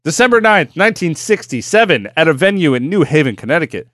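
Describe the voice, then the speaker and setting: A man's voice: on the high side, big pitch swings, fast, fairly bright tone, no room sound, studio quality. Rambling tipsy young man telling a story. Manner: rambling, puts on voices for characters in the story. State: getting drunk. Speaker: podcast host telling a story. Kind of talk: casual comedic storytelling.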